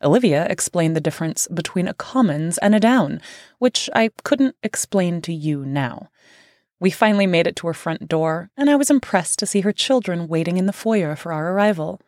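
A woman's voice: lowish voice, moderate pace, a little mellow, dry recording, clean studio sound. A woman author reading her own book aloud as an audiobook, casual in tone with wry asides. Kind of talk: audiobook narration.

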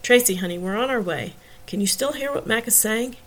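Woman doing a steady male cop on a call. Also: a little high, a little fast, natural voice. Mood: urgent calm. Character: calm male police officer in charge.

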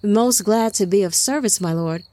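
A woman's voice: medium pitch, moderate pace, dark tone, dry recording, lightly acted. Woman doing a nervous young spirit soldier. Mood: hesitant. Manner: hesitant and pleading. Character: young male spirit lieutenant, nervous and earnest.

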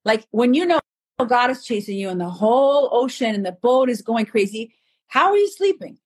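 A woman guest on a podcast, talking in an emphatic, animated storytelling way about faith. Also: on the high side, moderate pace, breathy edge, no echo, poor audio. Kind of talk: passionate podcast conversation.

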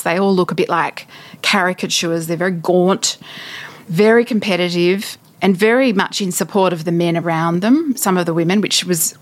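A woman co-hosting a relaxed chat about books and movies. Her voice sits on the lower side, and she gives her opinions freely and laughs often. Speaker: podcast co-host. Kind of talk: casual chat reviewing books and films.

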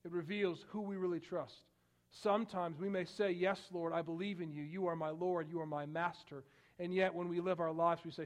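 Man, pastor, high voice, sermon, emphatic bursts, repeats words. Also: fairly even intonation, fairly quick. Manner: preaching with rising, emphatic bursts on scripture; frequent word repeats and restarts.

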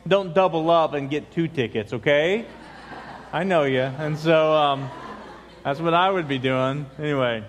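A middle-aged man preaching a sermon as pastor, talking informally with frequent restarts and filler words. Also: on the high side. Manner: informal, rambling, with many restarts. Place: large church sanctuary. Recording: long church hall reverb.

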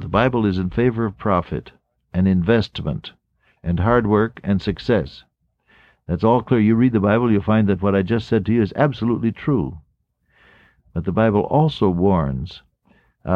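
A man preaching a sermon in an earnest way, slowing down to stress key phrases and swinging his voice up and down. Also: lowish voice, darkish tone, no room sound, clean studio sound. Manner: earnest, rising and falling emphasis, slow stress on key phrases.

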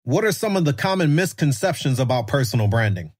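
A man hosting a podcast, speaking in a measured, deliberate way. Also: medium pitch, big pitch swings. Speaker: podcast host. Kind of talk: prepared interview speech.

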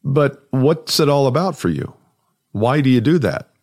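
A man, a sales and business coach, talks alone on his podcast in an energetic, conversational way, often repeating words for emphasis. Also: medium pitch, a little slow. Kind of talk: solo podcast monologue.

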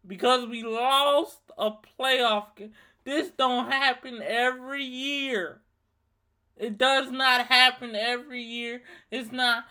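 A young man from Louisiana in his twenties rants through a solo podcast, swearing freely and telling stories with animated heat. His voice sits high for a man and cuts through with a piercing, tense brightness. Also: slow, smooth. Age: 20s. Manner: animated, profane, heated storytelling. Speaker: podcast host. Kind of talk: ranting solo monologue.

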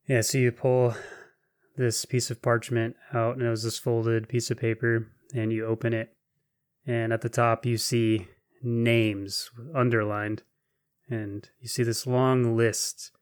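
A man's voice: medium pitch, clear, resonant tone, no echo. Man narrating a game, dry close sound. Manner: gentle, slow descriptive narration. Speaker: game master.

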